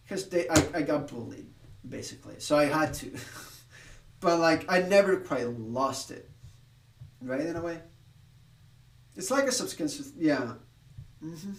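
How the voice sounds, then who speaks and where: Man from Spain, live-stream chat, slightly high voice, loose and rambling, roomy echo. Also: recorded from a distance. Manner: rambling, laughing, swearing, with restarts.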